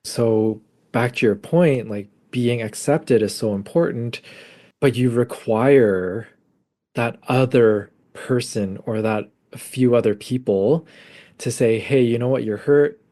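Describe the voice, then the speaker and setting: Guy psychologist on a podcast, chatty, acts out the dialogue in his stories, mid pitch. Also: takes it slowly. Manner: animated storytelling, acts out dialogue. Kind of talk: casual conversation.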